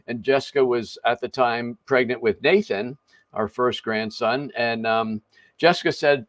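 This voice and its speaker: An older man hosts a podcast interview in a relaxed, chatty way. He chuckles often and restarts his sentences as he tells a story. His voice sits in a middle pitch and sounds dry and close. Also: a little slow, no room sound. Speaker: podcast host.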